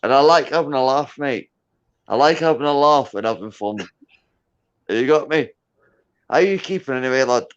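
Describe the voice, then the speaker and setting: A boisterous Scottish man, a little drunk and hiccuping, rambling through loud banter with friendly slang. His voice sits at a middle pitch. The sound is dull and lo-fi. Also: moderate pace, long pauses, smooth. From Scotland. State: tipsy with hiccups. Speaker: livestream guest.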